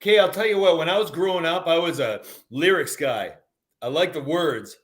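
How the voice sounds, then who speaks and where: A man's voice: a little high, normal speed, fairly bright tone. A man from Western Canada, a singer guest, telling stories in easygoing, laid-back chat. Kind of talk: casual interview chat.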